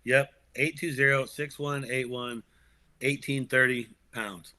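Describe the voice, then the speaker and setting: A man co-hosting a casual sports chat show, animated and quick to laugh, often restarting his sentences. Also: mid-range voice. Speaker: podcast co-host.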